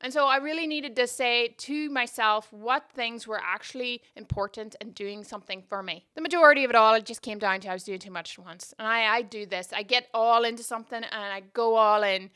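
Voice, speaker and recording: A woman's voice: fairly high pitch, brisk, hardly any pauses, bright, forceful tone, clean tone. A woman from Northern Ireland with a mostly Canadian accent and traces of Northern Irish, hosting a casual podcast monologue close to the mic, candid and reflective with frequent restarts. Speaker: podcast host. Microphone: close microphone.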